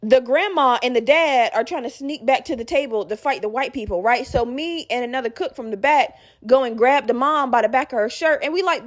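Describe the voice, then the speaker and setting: A woman hosting a podcast, telling a workplace story in a casual, animated, heavily profane way and acting out what people said. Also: sits high, fairly quick, hardly any pauses. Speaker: podcast host.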